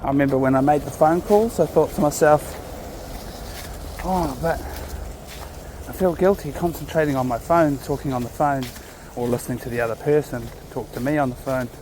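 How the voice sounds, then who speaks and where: A man talking casually and reflectively while walking his dog in a park, sometimes calling out loudly to it. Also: medium pitch, moderate pace, slight background noise. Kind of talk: casual outdoor vlog narration. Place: outdoors in a park.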